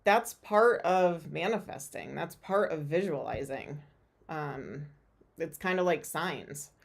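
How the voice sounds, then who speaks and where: Woman, lower voice, casual live-stream chat, rambling, lots of fillers, tarot reader host. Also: slow, vocal fry. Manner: chatty and rambling, with many fillers and frequent laughs.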